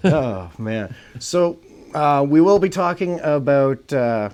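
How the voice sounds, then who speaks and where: A man's voice: fairly high pitch, lively intonation, slow, a little mellow. Chatty male podcast host. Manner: chatty, with filler words and self-aware joking. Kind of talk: live-streamed podcast chat. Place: new studio with a green screen.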